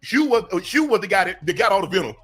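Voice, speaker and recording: Middle-aged male co-host, emphatic talker, high-pitched and very animated in pitch. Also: fast, husky, faint music behind. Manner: emphatic, repeats words when starting a point. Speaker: co-host, former pro football player. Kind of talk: casual sports talk.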